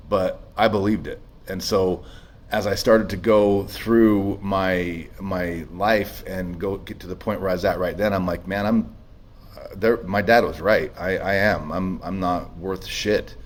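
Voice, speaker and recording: A man sharing a raw personal testimony in a halting, emotional way, full of restarts and blunt swearing, shaky as he tells it. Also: deep voice, a little hiss or hum. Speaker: speaker sharing his story.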